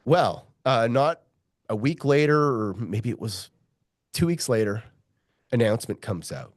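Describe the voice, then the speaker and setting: He's a middle-aged man with a profane, animated storytelling style who keeps slipping into the voices of the people he quotes. His voice sits at an ordinary pitch, and the recording is dry and close, with no room sound behind it. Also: a little slow, no room sound. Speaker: mining geologist guest. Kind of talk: storytelling interview.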